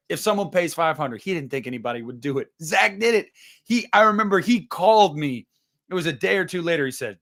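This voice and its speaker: A man's voice: fairly high pitch, fairly bright tone. A man hosting a casual livestream, chatting with viewers in a loose, profane, rambling way. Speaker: livestream host.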